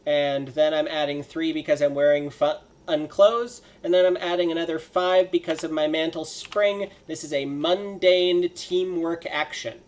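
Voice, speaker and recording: A man's voice: on the high side, steady tone, normal speed, few pauses, darkish tone, dull audio, slight background noise. A man playing a tabletop game, joking and walking through dice bonuses. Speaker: player. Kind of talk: casual tabletop game chat.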